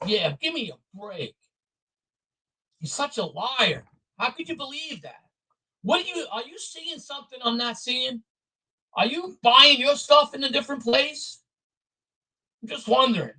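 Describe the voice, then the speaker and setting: A man speaks in a high register, rattling off repeated complaints in a blunt, heated way. His tone is bright and a little sharp, as in a solo rant recorded for his own channel. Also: expressive, normal speed, pauses often, rough recording. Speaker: vlogger. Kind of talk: angry political rant to camera.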